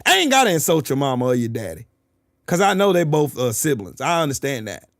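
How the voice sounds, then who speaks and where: Mocking, trash-talking man, slightly high voice. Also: very animated, brisk, a bit bright, no room sound, studio quality. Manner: taunting, mocking, repeats his jabs; profane, boastful. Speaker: streamer arguing with chat. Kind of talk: livestream trash talk.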